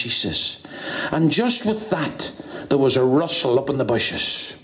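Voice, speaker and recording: A man's voice: medium pitch, normal speed. A man with a Northern Irish accent telling a long stand-up joke, acting out the characters. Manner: lively storytelling, acts out dialogue. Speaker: comedian.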